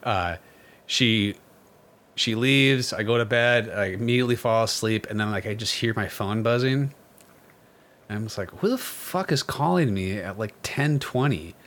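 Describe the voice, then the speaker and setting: Man, podcast co-host, laid-back, joking, quick to chime in. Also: fairly low pitch, a bit bright. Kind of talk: casual chat.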